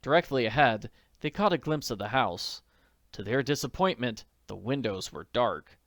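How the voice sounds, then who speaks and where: A man narrating an audiobook in a measured, steady reading voice. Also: medium pitch, dry recording, clean studio sound.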